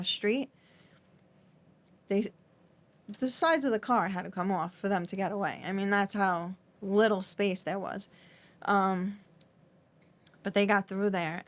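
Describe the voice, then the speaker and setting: Shaky middle-aged woman, halting recollection. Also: medium pitch. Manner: halting, repeats and restarts often, fillers like "like". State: shaky, trembling. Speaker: podcast guest. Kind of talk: emotional interview recollection.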